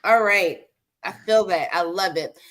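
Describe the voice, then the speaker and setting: A woman's voice: on the low side, measured pace, a bit bright. Woman host, casual livestream chat, speaks straight to her viewers. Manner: addresses viewers directly, keeps asking "okay?".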